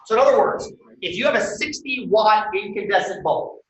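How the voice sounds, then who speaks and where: A man teaching a college class, lively and quizzing his students with questions. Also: high voice, normal speed. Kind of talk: classroom lecture. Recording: echoey room, distant dull mic.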